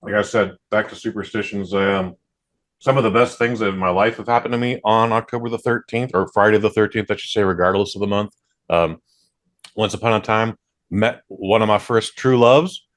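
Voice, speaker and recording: A man's voice: lowish voice, fairly even intonation, moderate pace. A man hosting a podcast, talking in a laid-back way, full of "like" and "dude" and free with swearing. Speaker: podcast host. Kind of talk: casual chat.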